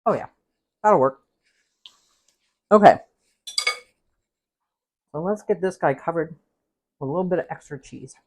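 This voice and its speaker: A woman's voice: fairly low pitch, expressive, a little slow, pauses often, a little mellow. A woman hosting a casual cooking livestream from a home kitchen, chatty and rambling, with easy laughs and side stories as she talks through a recipe. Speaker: cooking show host.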